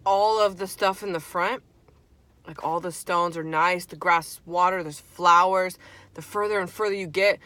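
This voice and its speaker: A young woman vlogger telling a spooky story in casual chat, animated and swearing freely. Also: lowish voice, no room sound. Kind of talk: casual storytime while eating.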